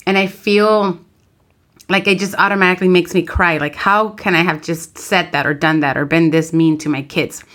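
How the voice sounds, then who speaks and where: A woman in her thirties, a mother of three, co-hosting a podcast and telling frank, lively stories while switching between English and Spanish. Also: fairly low pitch, normal speed. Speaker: podcast co-host. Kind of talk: casual chat.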